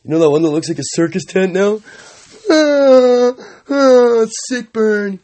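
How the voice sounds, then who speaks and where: A man's voice: high-pitched, brisk, a little mellow. A man hosting a solo comedy podcast, rambling crudely and profanely in a mock-boastful way. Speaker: podcast host.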